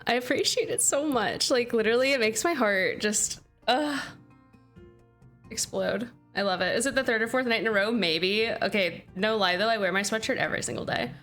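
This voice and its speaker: A young woman hosting a casual game livestream, with a higher-pitched voice that stays bubbly and chatty. She keeps up an easy stream of talk and thanks her viewers by name. Faint music plays underneath. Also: normal speed, fairly bright tone.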